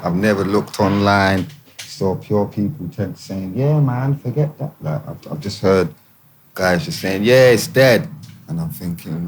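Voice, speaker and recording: A man's voice: sits low, a little hiss or hum. Man, slangy and emphatic. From England. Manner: animated street slang, emphatic. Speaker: guest. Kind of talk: casual interview talk.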